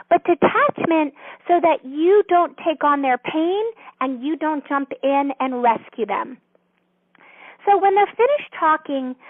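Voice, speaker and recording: A woman author, a guest on an interview, explaining a counseling method in a gentle, earnest, teacherly way. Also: high-pitched, dry recording. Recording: dry phone-line sound.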